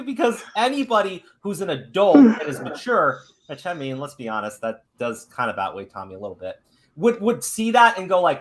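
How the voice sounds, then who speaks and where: A man co-hosting a casual group podcast, talking in an excitable, sarcastic way. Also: fairly quick. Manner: excitable, sarcastic, swings up and down in pitch. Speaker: podcast co-host.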